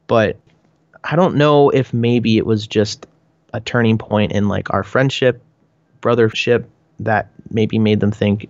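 Man, Canadian accent, low voice, rambling casual answers, muffled lo-fi recording. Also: a little slow, no echo. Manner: rambling, frequent "like" and restarts, laughs often. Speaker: band member, interviewee. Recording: dull lo-fi dry sound.

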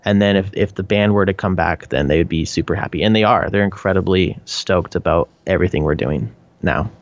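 Man, Canadian accent, low voice, rambling casual answers, muffled lo-fi recording. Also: fairly quick, no room sound. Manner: rambling, frequent "like" and restarts, laughs often. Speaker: band member, interviewee. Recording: dull lo-fi dry sound.

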